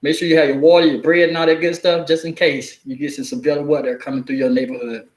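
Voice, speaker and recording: Man vlogger with a high voice, slangy and rambling, laughs between phrases. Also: flat delivery, quick pace. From southeastern US. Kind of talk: casual commentary to camera. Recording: echoey room.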